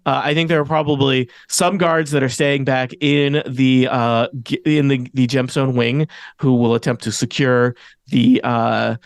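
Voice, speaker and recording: A man's voice: medium pitch, steady tone, measured pace, no room sound, studio quality. A man narrating a tabletop game as game master, rambling with many fillers and chuckles.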